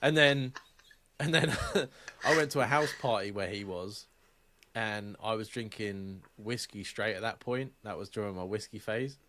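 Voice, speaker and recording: A man's voice: lowish voice, moderate pace, fairly bright tone, slight background noise. A young man co-hosting a podcast, telling stories in casual, sweary chat and laughing often. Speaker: podcast co-host.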